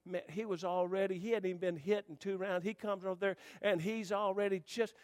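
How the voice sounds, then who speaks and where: A man preaching to a congregation, telling a rambling, animated story with restarts. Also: sits high, fairly quick. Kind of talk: storytelling sermon.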